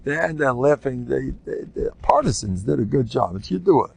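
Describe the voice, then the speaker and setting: A man's voice: mid-range voice, big pitch swings, normal speed, vocal fry, breathy edge. An older man, a rabbi, teaching an informal class and telling rambling stories, often laughing and restarting his sentences. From United States. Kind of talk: informal Torah talk with anecdotes.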